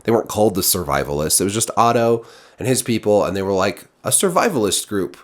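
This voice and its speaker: Brief: frustrated male critic with a lowish voice, rambling through a casual review. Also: expressive, quick pace. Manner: exasperated, rambling, frequent restarts. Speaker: TV show reviewer.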